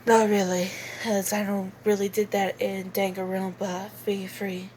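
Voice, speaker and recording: A woman's voice: mid-range voice, flat delivery, measured pace, darkish tone, slight background noise. A woman chatting casually and hesitantly about how she voices game characters, giggling often. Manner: hesitant and giggly, many fillers. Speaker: channel host. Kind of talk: casual voice-acting demo.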